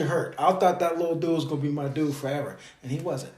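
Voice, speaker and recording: A man in his thirties, a podcast guest, telling stories and joking deadpan with his sister and her partner. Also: a little high, fast, echoey room, a little hiss or hum. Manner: deadpan joking storyteller, laughs through his own stories. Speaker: guest, the co-host's brother. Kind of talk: casual podcast chat.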